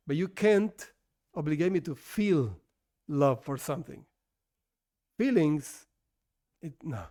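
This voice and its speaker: A rabbi teaching an informal religious class, talking conversationally with rhetorical questions and frequent restarts, as a non-native English speaker. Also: male voice, a little high, expressive, normal speed, pauses often, darkish tone. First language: not English.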